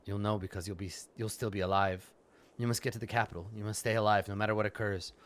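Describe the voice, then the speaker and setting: A man reading the lines of a solemn female mage in a quiet, measured, grave way. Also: lowish voice, steady tone, natural voice.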